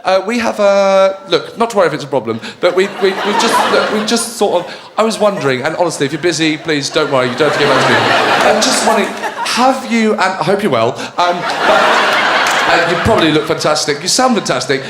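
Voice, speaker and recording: A man's voice: high-pitched, lively intonation, takes it slowly, exaggerated voice. A man with an English accent playing a timid astronaut who stammers and apologises endlessly, on a stage in an echoey theatre. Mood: apologetic. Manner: rambling, stammering, endlessly polite. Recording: echoey theatre with audience noise.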